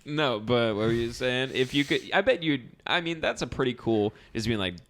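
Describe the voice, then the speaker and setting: A young man co-hosting a podcast in casual chat, laughing often and bursting into loud shouted impressions. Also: medium pitch, normal speed. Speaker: podcast co-host.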